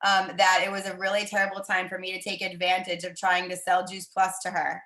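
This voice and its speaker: A woman chatting on a video call, telling a story in a lively way and acting out the voices she quotes. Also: on the low side, brisk, roomy sound, low-quality recording. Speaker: team member sharing a story.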